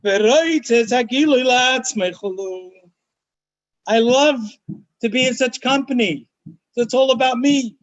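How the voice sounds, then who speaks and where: A rabbi leads a Torah study class with animated emphasis, often slowing down to stress key phrases. His speech is full of Hebrew and Yiddish terms, and his voice is very high-pitched on a lo-fi recording.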